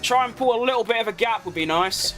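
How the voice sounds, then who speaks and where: A man giving live commentary over his racing game, excitable and quick to shout at close calls, with casual swearing. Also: high voice, soft background music. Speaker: gaming creator.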